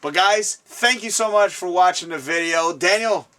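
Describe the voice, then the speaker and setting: A man hosting a casual interview at a guest's home, excitable and rambling, laughing often, recorded from a distance. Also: sits high, moderate pace. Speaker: show host. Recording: distant mic, faint room ambience.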